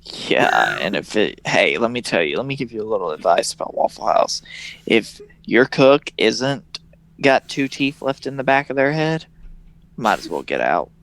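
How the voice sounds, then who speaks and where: A man's voice: fairly low pitch, big pitch swings, normal speed, a bit bright. A young man co-hosting a casual podcast chat, joking and slipping into mocking character voices. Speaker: podcast co-host.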